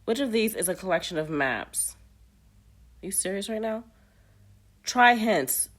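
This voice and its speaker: A woman's voice: medium pitch, lively intonation, measured pace, a bit bright. A woman playing a trivia app, reading the questions aloud and muttering casual commentary to herself as she plays.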